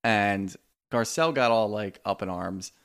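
Unhurried and smooth, this man's lowish voice carries a touch of brightness. As a podcast co-host, he gives a frank, casual reality TV recap, cursing liberally and repeating lines from the cast.

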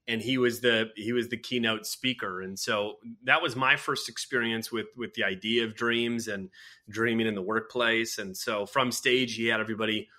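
A man, a guest author and culture consultant, telling anecdotes in an animated, casual interview. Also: fairly low pitch.

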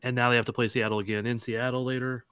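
A man's voice: medium pitch, flat delivery, quick pace, fairly bright tone, clear, resonant tone, no room sound, clean studio sound. A man, co-hosting a sports podcast in a plain, slightly glum way. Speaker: podcast co-host, team photographer. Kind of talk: casual sports chat.

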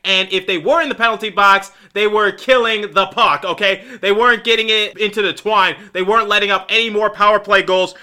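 High, sharp-voiced man ranting about hockey. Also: fairly even intonation, a little fast, hardly any pauses. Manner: exasperated, lectures the team directly. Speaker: sports podcast host. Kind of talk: solo hockey commentary rant.

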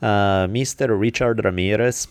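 A man's voice: lowish voice, steady tone, unhurried, no echo. A man hosting a podcast, telling a story in a blunt, casual, profane way. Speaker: podcast host. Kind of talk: casual chat.

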